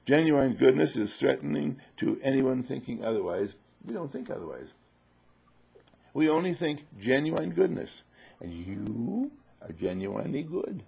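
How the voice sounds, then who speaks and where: A man giving a spiritual talk to an audience, playful and repetitive, swinging from loud to hushed. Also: medium pitch, sing-song, measured pace, creaky, breathy edge. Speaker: spiritual teacher.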